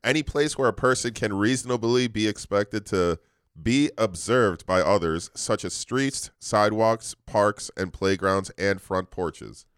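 Male co-host, low voice, relaxed swearing banter, dry close mic. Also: measured pace, clean tone, dry recording. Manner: laid-back, swears freely, laughs often. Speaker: podcast co-host. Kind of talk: casual banter.

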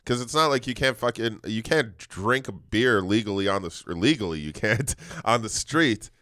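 Laid-back, low-voiced male podcast co-host. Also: expressive, moderate pace, pushed and bright, no room sound, clean studio sound. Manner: laid-back, swears freely, laughs often. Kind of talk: casual banter.

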